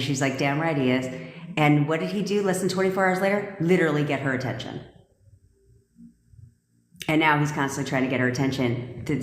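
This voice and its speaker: A woman's voice: low-pitched, quick pace. Blunt, swearing woman coach in echoey room. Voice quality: blunt, profane, emphatic. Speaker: manifestation coach. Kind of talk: live-stream coaching talk. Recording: echoey room with long reverb.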